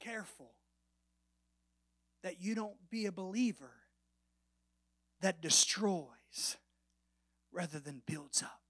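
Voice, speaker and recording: A man preaching a sermon as pastor. He tells the story with big swings between loud and soft, and drops to a near whisper at the ends of phrases for emphasis. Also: high voice, slow pace, long pauses.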